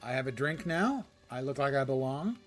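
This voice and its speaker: A man's voice: mid-range voice, big pitch swings, moderate pace, over music. An older man streaming a game, giving wry, joking commentary and reading quest text aloud. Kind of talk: casual gameplay commentary.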